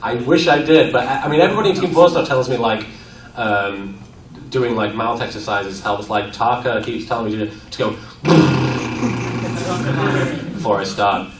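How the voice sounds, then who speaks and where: A man answering fan questions at a convention panel, animated and playful, laughing often. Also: medium pitch, a little slow, a little hiss or hum. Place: convention room at a university. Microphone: audience camera from far off. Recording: echoey room, far off, crowd around.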